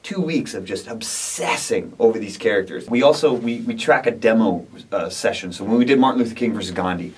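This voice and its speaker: A man's voice: lowish voice, brisk, hardly any pauses, husky. A man co-hosting a casual studio chat, upbeat and rambling, restarting his sentences often. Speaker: co-host of a comedy rap video series. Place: their recording studio. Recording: voice a bit far from the mic.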